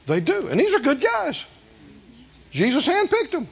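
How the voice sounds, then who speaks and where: A middle-aged man preaching a sermon, folksy and animated, asking the congregation questions. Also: very high-pitched, moderate pace, gravelly, lo-fi sound. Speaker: pastor.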